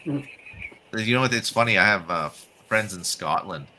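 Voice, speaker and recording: A man's voice: low-pitched, expressive, moderate pace, bright, forceful tone, a little hiss or hum, low-quality recording. A man with a Canadian accent chatting on a livestream video call, laughing often as he tells stories. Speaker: guest caller. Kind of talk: casual livestream chat.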